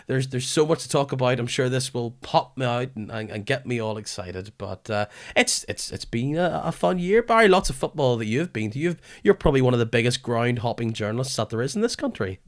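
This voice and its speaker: A man hosting a football podcast, his voice weary from a lingering illness, keen but halting at times. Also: medium pitch, lively intonation. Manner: enthusiastic, with halting restarts. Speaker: podcast host. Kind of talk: casual football podcast chat.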